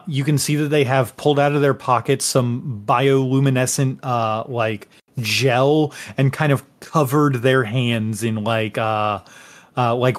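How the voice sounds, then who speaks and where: A man narrating a tabletop game as game master, speaking in a halting way with many pauses and fillers. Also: medium pitch. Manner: slow, halting, many uhs.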